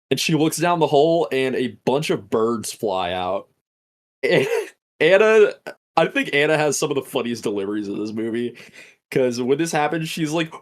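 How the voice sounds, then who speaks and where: A man's voice: mid-range voice, lively intonation, moderate pace. A man hosting a podcast, recapping a film in a casual, swearing storytelling style. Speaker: podcast host.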